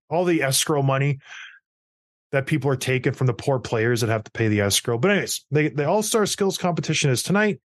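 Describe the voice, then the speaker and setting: Clean, echo-free studio audio captures this thirty-something host, once a hockey player, talking fairly quickly in a mid-range voice on his laid-back hockey show. He goes on animated rants and performs the voices of the people in his anecdotes.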